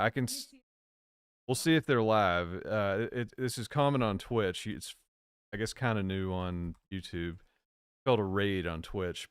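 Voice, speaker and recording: A man's voice: deep voice, clean tone, dry recording, clean studio sound. A man co-hosting a live chat stream, laid-back and joking, rambling through his explanations. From Virginia. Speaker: co-host.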